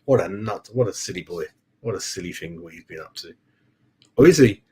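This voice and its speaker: A man with a deep, husky, slightly mellow voice talks fast while hosting a football fan channel. On the live stream he chats in a rambling, easygoing way, laughing often and calling his viewers mate.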